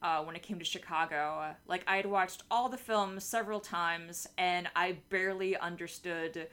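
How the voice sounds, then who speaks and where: A woman co-hosting a podcast in casual chat. Her talk is animated and often breaks into laughter, with plenty of filler words between thoughts. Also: lowish voice, moderate pace, clear, resonant tone. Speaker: podcast co-host.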